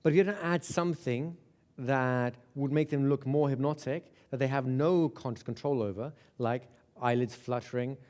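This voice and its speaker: A man's voice: mid-range voice, normal speed, darkish tone. A man teaching a live hypnosis seminar in a conversational way, often checking in with "right?" and restarting phrases. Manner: restarts and repeats words. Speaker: hypnosis instructor.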